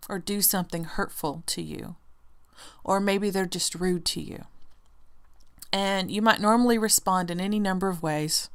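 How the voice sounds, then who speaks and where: A woman hosting a self-help podcast, speaking in a gentle, earnest, encouraging way and softening for quiet affirmations. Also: medium pitch, clean tone. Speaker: podcast host. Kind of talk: motivational self-help monologue.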